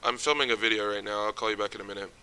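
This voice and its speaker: A man's voice: fairly low pitch, fairly even intonation, very fast, pushed and bright, a little hiss or hum, poor audio. A young man giving blunt, profanity-heavy relationship advice in casual vlog talk, full of street slang. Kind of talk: casual direct-to-camera advice.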